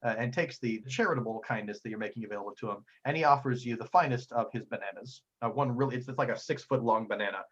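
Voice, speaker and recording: A man's voice: medium pitch, fast talker, few pauses, fairly bright tone, dull audio. A man narrating a tabletop role-playing game as game master, telling the story playfully. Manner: playful storytelling, slipping into character voices.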